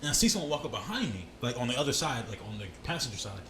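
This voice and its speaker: A young man rattles through his stories at a quick clip, animated and profane. His pitch sits in a middle range. A faint hiss runs under the recording. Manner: animated, swearing, laughs at his own stories. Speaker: podcast co-host. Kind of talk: casual storytelling chat.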